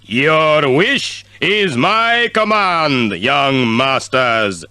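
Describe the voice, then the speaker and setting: A man voicing a formal, solemn genie who speaks slowly and distantly. Each line is drawn out like a ceremonial pronouncement in a read-aloud fairy tale. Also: fairly high pitch, lively intonation, pushed and bright, clean tone, no room sound, heavily acted. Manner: slow, formal. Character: solemn male genie of a harp.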